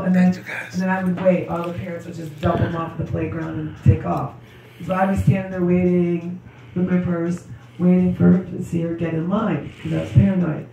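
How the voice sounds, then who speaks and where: A hoarse woman with a cold gives a rambling, emotional memorial tribute to her daughter. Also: on the low side, flat delivery, moderate pace, hardly any pauses, mellow, slight background noise. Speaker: grieving mother giving a memorial tribute. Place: memorial service room. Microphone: recorded from a distance by someone in the room. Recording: dull, roomy, distant recording.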